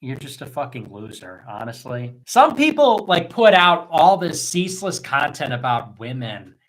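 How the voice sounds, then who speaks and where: A man's voice: fairly high pitch, very animated, normal speed, poor audio. A man hosting a comedic podcast, reacting to clips with sarcastic, mocking commentary and frequent swearing. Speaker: podcast host.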